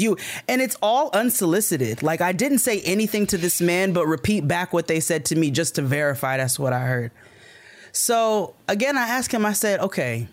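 American man, podcast co-host, casual storytelling, swears freely, acts out quotes, slightly higher voice. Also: moderate pace. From United States. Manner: animated, profane storytelling that acts out quoted dialogue.

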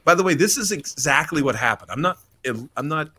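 A man's voice: on the high side, brisk, husky. A man hosting a sports talk show, energetically recapping a story and slipping into impressions. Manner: energetic retelling, slips into voices.

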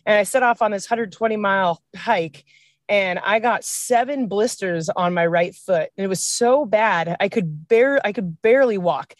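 A woman from Washington state, a comedy writer and podcast guest, telling wild trail stories in a casual, animated way, laughing often and acting out quotes. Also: mid-range voice, normal speed, no room sound, studio quality. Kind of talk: casual storytelling chat.

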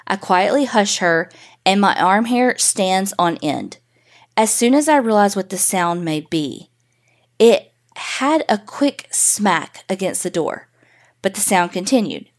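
A woman podcast host reading a first-person paranormal story in a casual, profane, animated way. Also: medium pitch, slow.

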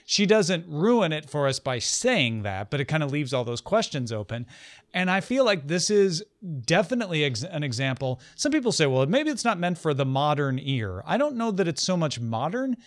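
A man's voice: fairly high pitch, sing-song, moderate pace, no echo. A man co-hosting a casual book discussion over a video call, eager and enthusiastic. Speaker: podcast co-host.

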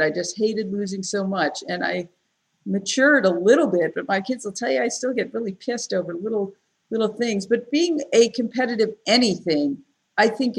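A woman talking as a guest on a podcast, candid and animated, telling stories with enthusiasm. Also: medium pitch. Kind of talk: casual podcast conversation.

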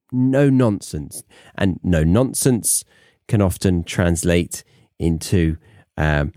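Chatty British man, low dry voice. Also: a little mellow, dry recording. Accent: British English. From England. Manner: chatty, self-mocking, rambling asides. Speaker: podcast host. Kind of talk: casual monologue for English learners.

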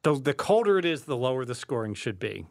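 Betting guy rambling, lots of restarts, mid pitch, super dry close sound. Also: big pitch swings, fast, creaky, dry recording. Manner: hesitant, rambling, with many fillers and restarts. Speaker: sports betting analyst. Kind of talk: casual debate.

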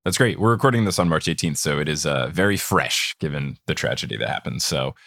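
A man runs a comedy quiz podcast, laying out the rules and recapping stories with a playful, giggly energy. His voice swoops widely in pitch. The recording is dry and close. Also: expressive, fast talker, vocal fry, a bit bright, no echo. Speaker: game show podcast host.

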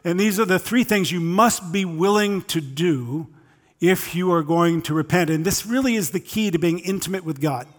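A man's voice: high voice, moderate pace. A male pastor preaching a sermon, earnest and emphatic, asking pointed questions of the congregation. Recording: long hall reverb.

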